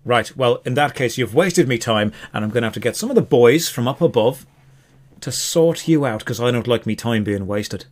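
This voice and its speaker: A man's voice: mid-range voice, lively intonation, moderate pace, natural voice. A man voicing a frail, shifty white-haired male elf with an Irish manner, pushy and impatient. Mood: threatening.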